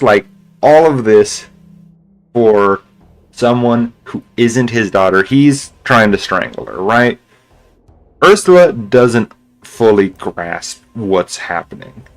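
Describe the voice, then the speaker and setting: A man whose voice is on the low side, a game streamer, casually retells a story in a rambling way, full of restarts and filler words. The audio quality is poor.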